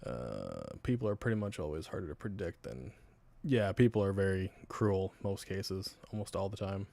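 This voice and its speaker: A man's voice: low voice, expressive, normal speed, gravelly, dark tone. A man streamer chatting casually with his live chat, swearing now and then and laughing often. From United States.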